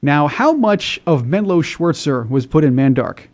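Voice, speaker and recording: A man's voice: fairly high pitch, expressive, measured pace. A man hosting a radio interview who reads prepared questions in a friendly way. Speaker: radio show host.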